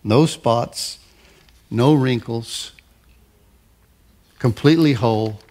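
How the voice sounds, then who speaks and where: An older man, a pastor, preaching a sermon in a conversational way, often repeating and restarting his words and slowing to stress lists of phrases. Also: mid-range voice, darkish tone.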